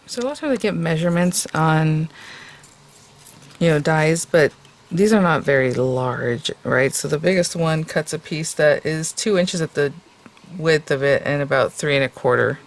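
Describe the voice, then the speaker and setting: A woman's voice: sits low, creaky. A woman hosting a casual crafting tutorial, chatting and thinking aloud as she works, with plenty of fillers.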